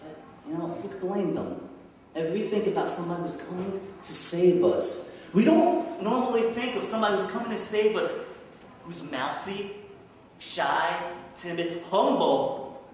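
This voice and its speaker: Slow, lively man preaching in echoey hall. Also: high-pitched, a little hiss or hum. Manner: rhetorical questions, conversational asides. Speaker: pastor. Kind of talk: sermon. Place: church sanctuary. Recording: echoey church hall from far off.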